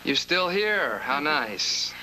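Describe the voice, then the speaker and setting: An actor playing a dry-humored grown son with a teasing manner in a TV drama. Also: male voice, on the high side, big pitch swings, takes it slowly, bright, forceful tone, exaggerated voice, low-quality recording. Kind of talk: daytime TV drama acting. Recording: hissy TV broadcast recording.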